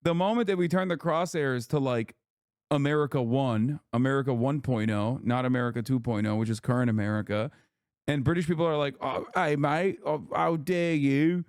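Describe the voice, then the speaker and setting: Male streamer, profane reaction commentary, smooth voice, dry close sound. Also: mid-range voice, a little fast, darkish tone, no echo. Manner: blunt, profane, sarcastic. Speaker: streamer host.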